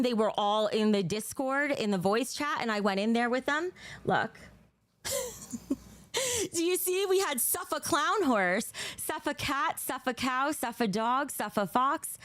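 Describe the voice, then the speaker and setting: A woman's voice: on the high side, no room sound. A young adult woman livestreaming in a casual chat, gushing and emotional, rambling as she talks to her viewers.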